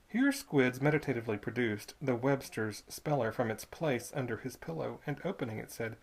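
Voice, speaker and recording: An audiobook reader narrating a period story in a measured, expressive way. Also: medium pitch, breathy edge.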